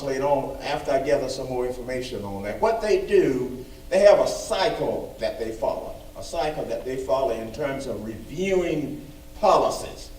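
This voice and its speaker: A man with a fairly high voice gives a folksy, emphatic report at a school board meeting, leaning on repeated phrases to make his points. He sits well back from the microphone. The room is echoey, with a faint hum behind him. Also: darkish tone. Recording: echoey room, far from mic.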